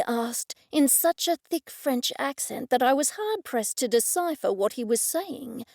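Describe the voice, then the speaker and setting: A woman narrating a cozy mystery audiobook in first person, wry and even. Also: on the high side, normal speed, hardly any pauses, no echo, clean studio sound.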